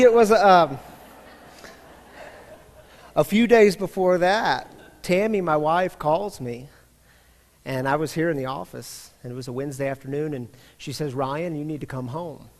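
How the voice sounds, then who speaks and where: A high-voiced man in his thirties preaches from the pulpit, telling a story with lively, chatty energy. He talks directly to the congregation, and his voice rings out with a long reverb through the big church. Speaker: pastor. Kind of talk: storytelling sermon. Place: church sanctuary.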